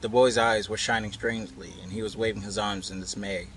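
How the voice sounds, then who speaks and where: A man narrating a storybook tale in a measured, unhurried way. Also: lowish voice, a bit bright, slight background noise, poor audio.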